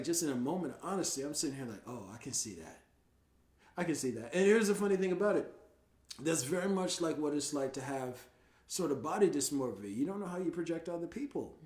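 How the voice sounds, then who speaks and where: A man hosting a casual podcast, telling his stories with big swings from loud, laughing outbursts to low, murmured asides. His talk is slangy and full of swearing, and his voice sits a little high for a man. The sound bounces around an echoey room. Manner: profane, slangy. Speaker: podcast host. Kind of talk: casual chat.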